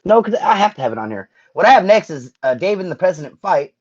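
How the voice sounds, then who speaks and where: A man with a fairly high voice chats casually on a podcast, swearing and correcting himself as he goes. The sound is muffled and lo-fi. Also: very animated, fast. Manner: casual, swears, loses his place and restarts. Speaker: podcast co-host. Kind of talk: casual chat. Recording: dull lo-fi sound.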